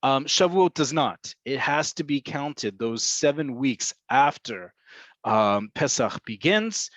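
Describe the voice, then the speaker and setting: A man's voice: mid-range voice, lively intonation, slow, a bit bright, dry recording. A man giving an online webinar lesson on Hebrew vocabulary, explaining patiently with frequent "um"s and "right?" check-ins. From Israel-based. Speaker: Hebrew teacher.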